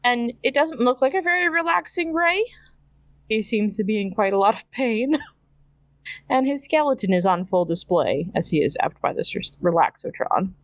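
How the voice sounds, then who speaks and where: With a fairly high voice that swings widely in pitch, this Canadian podcast host chats through a cartoon episode recap at a normal speed. She laughs a lot and mimics the characters whenever she quotes them, and the audio is dry and dull.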